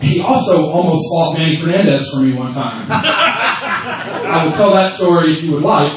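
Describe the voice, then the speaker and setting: A man in his thirties telling profane, lively stories and laughing often as a guest at a fan Q&A panel. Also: fairly high pitch, moderate pace, recorded from a distance, crowd noise. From United States. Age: 30s. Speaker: wrestling promotion creative head on a fan panel. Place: convention room at a fan event. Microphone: phone held in the audience. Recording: echoey room, phone recording from the audience.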